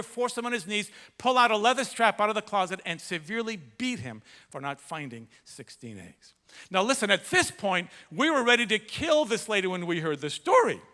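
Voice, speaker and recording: A man preaching a sermon as a pastor, telling a story in an animated way that swings from hushed to shouting. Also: high voice. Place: large church hall. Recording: long hall reverb.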